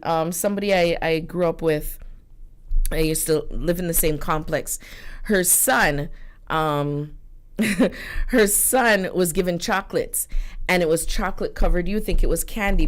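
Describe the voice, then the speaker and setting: A woman co-hosting a radio show, telling stories in an animated, indignant way and laughing often. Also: mid-range voice. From Canada. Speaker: radio co-host. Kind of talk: casual radio commentary. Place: radio studio.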